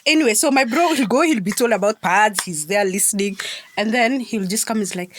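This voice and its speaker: A woman co-hosting a podcast, chatting casually and telling lively stories, acting out what people said. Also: fairly quick, a little hiss or hum. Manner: animated storyteller, acts out quotes with big pitch jumps and laughs. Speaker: podcast co-host. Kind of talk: casual chat.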